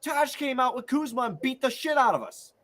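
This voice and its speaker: A man's voice: very high-pitched, lively intonation, fairly quick, fairly bright tone. A man co-hosting a sports podcast, ranting in casual chat with lots of swearing and frustration. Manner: fired-up, profane ranting. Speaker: podcast co-host.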